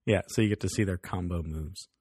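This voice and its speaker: A man's voice: sits low, fairly quick, darkish tone, breathy edge, no room sound, studio quality. A man co-hosting a podcast, chatting casually about a TV show, laughing often and acting out the characters' lines. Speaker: podcast co-host. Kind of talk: casual TV review chat.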